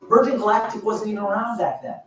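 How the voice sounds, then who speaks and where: Man in his fifties, motivational speaker, animated and restarting often, miked from a distance in a big echoing hall. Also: high-pitched, fast talker, soft background music. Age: 50s. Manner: animated storytelling with frequent restarts and laughs. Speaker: motivational speaker at a business event. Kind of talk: motivational speech. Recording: echoey hall, voice from far off.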